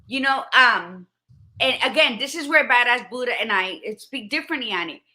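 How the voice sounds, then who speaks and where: Fifties woman, podcast co-host; blunt, profane, emphatic, with a bright, slightly high voice. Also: lively intonation, normal speed. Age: 50s. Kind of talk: candid casual chat.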